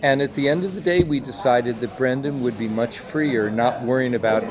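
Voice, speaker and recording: At normal speed and a mid pitch, an executive producer and director recounts anecdotes in a relaxed, chatty press interview, putting on lively voices for those he quotes. He's on a busy convention floor, where a loud crowd murmurs clearly in the background.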